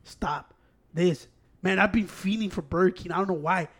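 A man's voice: sits high, moderate pace, a bit bright. A young man chatting casually as a co-host, rambling and swearing, sliding between Spanish and English. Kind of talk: casual chat.

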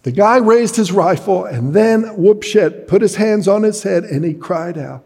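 Husky preacher in a reverberant hall. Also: male voice, high voice, expressive, unhurried, few pauses. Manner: dramatic, shouts at story climaxes. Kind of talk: sermon storytelling.

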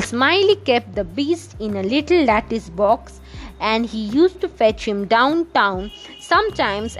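A woman reading a folk tale aloud with expressive, varied pacing. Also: fairly high pitch. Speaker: storyteller.

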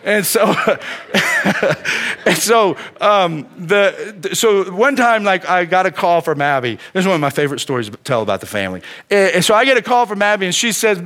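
Man, middle-aged, pastor, sermon, high voice, bright ringing tone, animated storytelling, keeps saying "man". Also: normal speed.

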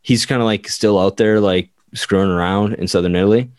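Low-voiced man rambling through history. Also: steady tone, fairly quick, smooth, no echo, studio quality. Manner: rambling, full of "like", acts out quotes. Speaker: podcast co-host. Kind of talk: casual history storytelling.

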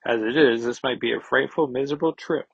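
A proper superhero captain speaks in a formal, lowered, stiff way, as a man reads him out. The voice is husky and dry, close to the mic. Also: fast talker, no room sound, dull audio.

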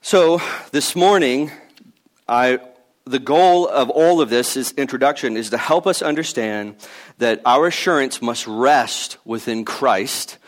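A man in his thirties preaching a sermon in an earnest, conversational way, with casual asides. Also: medium pitch. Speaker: pastor.

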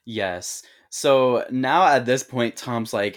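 A man's voice: medium pitch, slow pace, few pauses. A man co-hosting a podcast, recapping a horror movie in a casual, profane, storytelling way and slipping into quoted voices. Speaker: podcast co-host.

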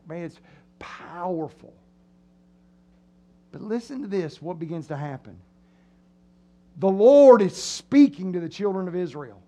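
A male preacher delivers an animated sermon in a church, his voice sitting unusually high. He slips into comic voices to act out his listeners' reactions. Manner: animated, acts out voices of the crowd. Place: church sanctuary.

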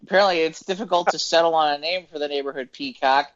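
A man's voice: fairly high pitch, fast talker, fairly bright tone, lo-fi sound. A man hosting a casual comedy news podcast, playful with announcer flourishes and rambling restarts. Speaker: podcast host.

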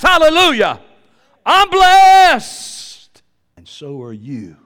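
A man preaching a sermon in a church, swinging from low, quiet talk to loud shouting. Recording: long hall reverb.

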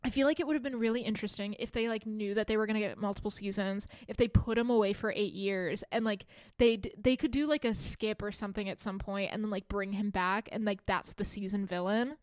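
A woman's voice: mid-range voice, fairly even intonation, brisk, hardly any pauses, no echo, studio quality. A young woman co-hosting a podcast, recapping a TV episode in casual, chatty talk full of "like" fillers. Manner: chatty, filler-heavy, many "like"s. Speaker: podcast co-host.

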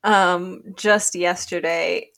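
A woman's voice: lowish voice, steady tone, very slow, vocal fry, fairly bright tone. A woman co-hosting a podcast, chatting casually with many fillers and frequent laughs. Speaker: podcast co-host. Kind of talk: casual chat.

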